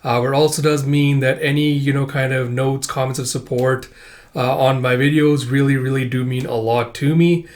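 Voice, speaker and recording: The host of a comic read-through channel chats casually and rambles, using lots of fillers and some offhand swearing as he comments on his reading. His mid-range voice has a darkish tone, little pitch movement, and normal speed.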